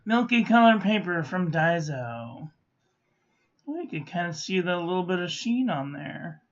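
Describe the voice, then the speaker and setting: A woman's voice: lowish voice, big pitch swings, unhurried. Woman rattling off clipped review verdicts. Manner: clipped checklist verdicts, chatty asides. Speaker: ink and paper reviewer. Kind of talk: casual hands-on review narration. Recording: slightly muffled lo-fi recording.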